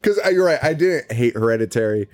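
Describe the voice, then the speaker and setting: A man's voice: medium pitch, animated, fast, a little mellow, no echo, clean studio sound. Laid-back, profane male podcast co-host. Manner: profane, rambling, laughs often. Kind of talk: casual movie-review chat.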